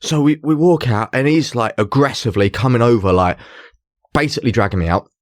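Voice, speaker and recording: A man's voice: medium pitch, a little fast, no room sound, clean studio sound. A man, a mentalist, telling a story on a chatty podcast with lots of laughs. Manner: animated, laughs while telling stories. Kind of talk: casual storytelling chat.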